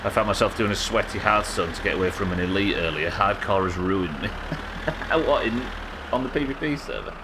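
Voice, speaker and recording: Low-voiced man chatting on a live game stream. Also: normal speed, noisy background. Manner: casual, chatty, swears, answers viewers. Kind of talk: live gaming stream chat.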